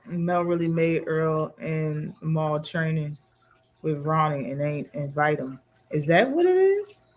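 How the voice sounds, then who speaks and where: A man's voice: a little high, animated, slow. A man hosting a live boxing talk stream, reacting casually with slang and frequent laughter.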